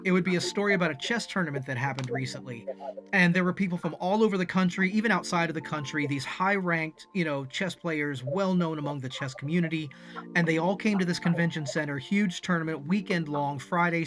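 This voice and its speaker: A man telling a long setup story in casual conversation, animated and laughing, with frequent restarts. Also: fairly high pitch. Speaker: Magic rules instructor.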